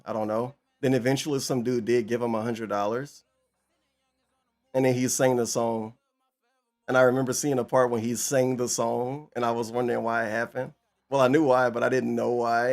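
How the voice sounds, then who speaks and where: A man's voice: mid-range voice, steady tone, normal speed, gravelly. A man casually commenting over a stream clip with dry, mocking remarks. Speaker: stream reaction host.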